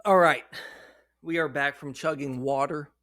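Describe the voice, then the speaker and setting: A fast-swinging, excitable man with a fairly high voice and a slight shake in it, as if he has been hiccuping all day. He talks right at the viewer, blunt and cursing freely. The sound is dry and close, with no room around it. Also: dry recording. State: shaky voice after hours of hiccups. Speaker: fantasy football content creator. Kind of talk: casual fantasy football talk to camera.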